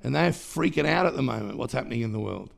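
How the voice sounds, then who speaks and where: A man's voice: medium pitch, animated, fast, vocal fry. A man preaching a sermon as pastor, emphatic and rhythmic, with repeated phrases and sudden rises in volume. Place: church.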